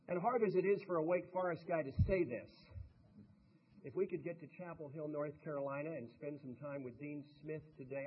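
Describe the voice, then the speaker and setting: This man's voice sits in the middle range, coming through narrow and tinny with a little background noise. He's giving a motivational speech, spinning folksy tales and speaking straight to his listeners.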